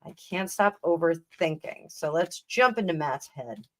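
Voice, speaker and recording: A woman's voice: fairly low pitch, animated, a little slow, fairly bright tone. A woman hosting a live tarot stream, chatting casually and rambling, with frequent laughs and restarts. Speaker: tarot reader and livestream host. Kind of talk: casual livestream chat.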